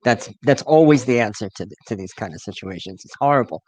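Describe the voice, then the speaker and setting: A man co-hosting a casual chat show, opinionated and quick to argue. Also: fairly low pitch, expressive, a little mellow, low-quality recording. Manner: opinionated, argumentative. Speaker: co-host.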